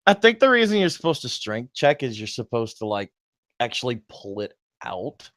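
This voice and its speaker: A man playing at a tabletop game table, excitable and quick to jump in about the rules. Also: medium pitch, no room sound, studio quality. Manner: excitable, jumps in to argue rules. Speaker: player.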